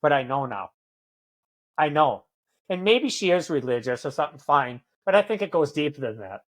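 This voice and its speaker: A man's voice: fairly high pitch, very animated, moderate pace. A man talking as a podcast guest, blunt and earnest, swearing often in candid conversation. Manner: earnest, intense.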